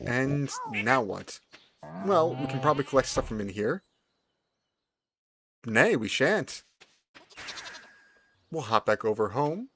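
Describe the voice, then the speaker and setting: A man's voice: mid-range voice, moderate pace, a little hiss or hum. A man giving casual, playful commentary while he plays a farming video game. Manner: animated, playful, chatty. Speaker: gaming video host.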